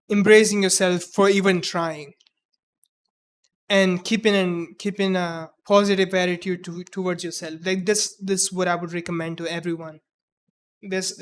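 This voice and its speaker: A vlogger in his twenties with a high voice and a mixed Indian English accent delivers a personal, reflective monologue. He speaks earnestly and haltingly, often restarting his words.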